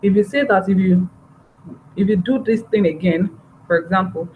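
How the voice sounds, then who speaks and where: Speaking briskly at a medium pitch, a woman runs a parenting workshop as the trainer, talking earnestly and repeating her phrases. The recording sounds dull and slightly noisy.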